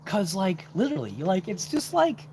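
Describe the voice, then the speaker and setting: Man, high voice, rambling, talkative, self-deprecating, casual livestream host. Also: huge pitch swings, moderate pace, a little mellow, a little hiss or hum. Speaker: RC hobby channel host.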